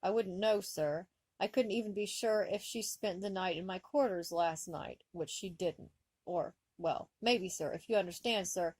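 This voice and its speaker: A woman's voice: medium pitch, moderate pace, a little mellow, dry recording, studio quality, natural voice. A woman voicing a flustered, deferential male first officer who stammers and says sir a lot.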